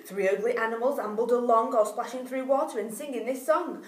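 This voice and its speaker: A woman, a primary school teacher reading a rhyming picture book aloud to young children in an expressive, sing-song way. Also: on the high side, fairly quick, few pauses. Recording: echoey room, voice far from mic.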